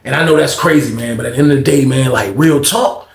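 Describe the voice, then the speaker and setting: A man's voice: medium pitch, fast, vocal fry, a crowd in the background. A man telling a story casually in slang and acting out the scenes as he goes. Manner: animated, slangy, acts out scenes. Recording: echoey room.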